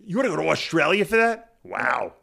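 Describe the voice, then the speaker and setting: Male host, eager rapid questions, bright tense tone, higher voice. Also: very animated, vocal fry, slightly rough. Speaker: bodybuilding show host. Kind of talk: casual interview.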